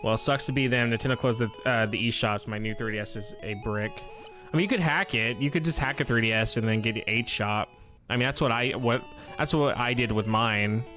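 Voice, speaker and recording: A young man chats casually while streaming a game, rambling through a profane story at an ordinary pitch. Soft game music plays faintly behind him. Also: a little fast. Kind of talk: casual live-stream chat over gameplay.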